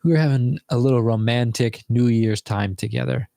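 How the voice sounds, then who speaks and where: A man's voice: mid-range voice, brisk, vocal fry, dark tone, dry recording, clean studio sound. A young man telling a rambling, casual story to viewers from his bedroom, swearing freely as he goes. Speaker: vlogger.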